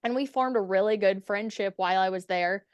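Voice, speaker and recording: A woman's voice: medium pitch, brisk, smooth, no room sound, studio quality. A young woman telling stories as a podcast guest, candid and profane, acting out what people said. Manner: candid, profane, acts out quoted dialogue. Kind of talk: casual storytelling interview.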